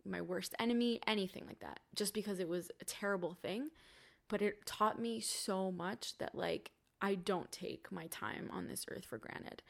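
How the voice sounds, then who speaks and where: A woman's voice: mid-range voice, moderate pace, gravelly. A young woman, a podcast guest, telling her story in a candid, casual way, swearing freely and saying "like" a lot. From Cuban family.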